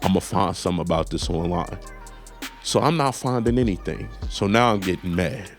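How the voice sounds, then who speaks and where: A lower-voiced man spins a comedic rant as host of his own talk show. He jumps between voices to act out both ends of a phone argument, with faint music playing behind him. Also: normal speed. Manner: animated, acts out phone calls in put-on voices. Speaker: podcast host. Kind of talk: casual comedic storytelling.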